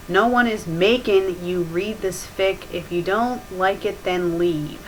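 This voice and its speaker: A woman's voice: mid-range voice, takes it slowly, few pauses, slight background noise, low-quality recording. A woman hosting a fanfiction critique show, reading the story aloud and breaking in with mocking, exasperated corrections. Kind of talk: sarcastic dramatic reading with commentary.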